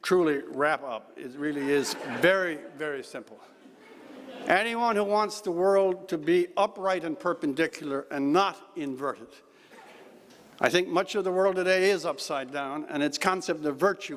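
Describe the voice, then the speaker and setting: Wry high-voiced man in a reverberant hall. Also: normal speed. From Newfoundland, Canada. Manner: wry storytelling with dry jokes. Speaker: keynote speaker. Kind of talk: after-dinner speech. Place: large banquet hall. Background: audience laughter.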